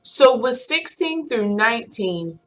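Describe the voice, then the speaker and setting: A woman teacher leads a language lesson at an unhurried pace, speaking slowly and deliberately. She explains in English, then counts and quizzes numbers aloud with clear, careful pronunciation. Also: a little high, very animated, fairly bright tone. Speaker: Spanish teacher.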